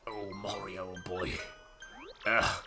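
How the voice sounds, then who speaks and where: A man voicing a weary, proud old male bomb sailor on his deathbed, low and mournful. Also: level tone, drawn-out words, bright, forceful tone, soft background music, full character voice. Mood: weary, dying.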